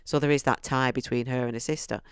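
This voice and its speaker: Guy rambling happily about a book, super smooth clear voice, dry close sound. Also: mid-range voice, steady tone, quick pace, no room sound. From United Kingdom. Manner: chatty and enthusiastic, restarts sentences often. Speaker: book reviewer. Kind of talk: casual book review.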